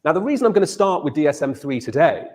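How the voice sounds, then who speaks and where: A man's voice: fairly high pitch, sing-song, fast talker, darkish tone. A male university lecturer giving a lecture and telling a story, repeating words as he starts his phrases.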